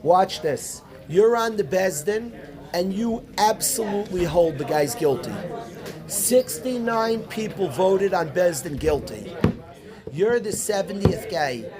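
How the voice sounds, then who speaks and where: A man, a rabbi teaching a Talmud class, animated, calling on students by name and repeating his questions. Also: high-pitched, takes it slowly. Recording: room noisy with student chatter.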